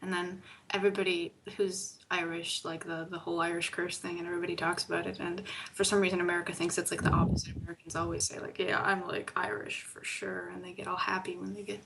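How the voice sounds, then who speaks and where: A woman's voice: lowish voice, little pitch movement, fast, creaky, few pauses, a bit bright, slight background noise, rough recording. A woman chatting on an online talk show, rambling with many fillers. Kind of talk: casual chat.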